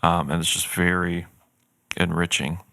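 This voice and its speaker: Deep, steady-voiced man recommending books. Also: unhurried, gravelly, no room sound, clean studio sound. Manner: earnest, thoughtful, with fillers. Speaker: church podcast co-host. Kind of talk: casual book recommendation chat.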